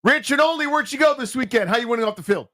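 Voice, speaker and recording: A man's voice: extremely high pitch, racing, no echo. A male sports radio host telling stories in casual, playful banter into a studio mic. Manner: playful, storytelling, animated.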